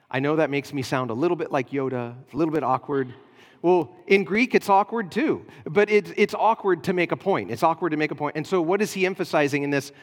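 A pastor preaching a sermon, explaining a passage in an earnest teaching manner with frequent hesitations. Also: male voice, a little high, long reverb tail.

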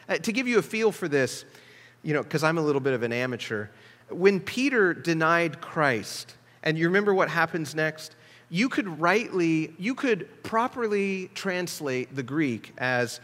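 A man's voice: fairly high pitch, lively intonation, normal speed, a bit bright. A man preaching a sermon in a conversational, emphatic way, asking his listeners questions. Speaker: pastor. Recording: long hall reverb.

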